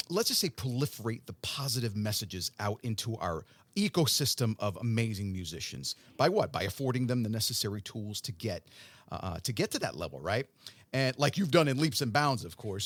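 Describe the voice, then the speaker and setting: A middle-aged man hosting an interview, effusive and animated, fond of flowery words. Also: mid-range voice, no echo. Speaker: host, coach. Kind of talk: casual interview chat.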